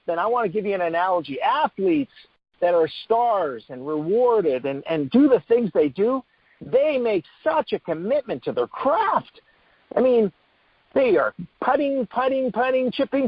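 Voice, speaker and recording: A man giving an energetic motivational training talk on a call, full of rhetorical questions and repeated phrases. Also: high-pitched, dry recording. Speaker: network marketing trainer hosting a call. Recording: dull muffled call audio, dry.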